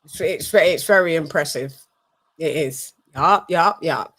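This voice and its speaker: A woman's voice: sits low, a little slow, a bit bright, breathy edge. A British woman hosting a casual online show, chatty, laughing and loose with her words. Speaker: host. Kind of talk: casual chat.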